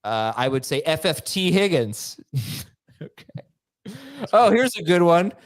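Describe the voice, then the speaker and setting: A man's voice: a little high, very animated, moderate pace, no room sound, studio quality. A man hosting a live fantasy football Q&A, reading viewer questions aloud and cracking puns. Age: adult. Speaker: host.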